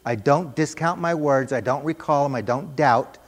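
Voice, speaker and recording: A male preacher tells a story in a sermon, leaning on emphatic repetition. His voice sits on the higher side and trails off into a long hall reverb. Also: normal speed.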